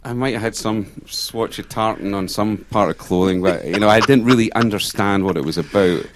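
A man's voice: fairly low pitch, a little fast, a little hiss or hum. A Scottish man in his fifties, a guest chatting casually, thoughtful and hesitant with many restarts. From Scotland. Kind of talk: casual conversation.

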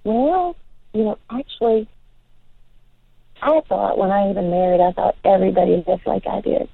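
An older woman talks in a rambling, chatty way, her voice rough with vocal fry. She comes through a thin, phone-like line with a dry, close sound. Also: mid-range voice, normal speed, no echo. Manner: rambling, chatty, full of "you know". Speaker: guest. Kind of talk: casual interview chat.

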